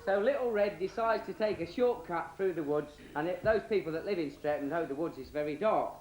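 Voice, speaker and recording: A man's voice: a little high, expressive, fairly quick, darkish tone. A man with a Cockney accent telling a bawdy comic story in a rambling, cheeky, slangy way. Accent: London Cockney. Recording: roomy echo, faint hiss.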